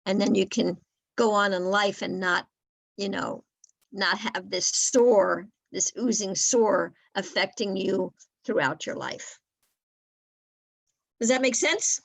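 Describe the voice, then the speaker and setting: A woman's voice: mid-range voice, slow, vocal fry, pauses often, no room sound. Earnest woman giving a talk. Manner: earnest, repeats words when restarting. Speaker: guest speaker on parenting. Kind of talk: webinar talk.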